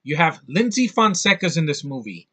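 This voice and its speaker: A man's voice: fairly high pitch, sing-song, moderate pace, pushed and bright. A man giving a blunt, sarcastic, profane rant as a movie reviewer. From United States.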